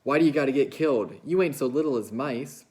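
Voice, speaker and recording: A man doing a slow, childlike giant of a farmhand, gravelly and plaintive. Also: medium pitch, a little mellow, natural voice. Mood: upset. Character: big slow-witted childlike ranch hand, gentle and fretful. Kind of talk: novel read aloud.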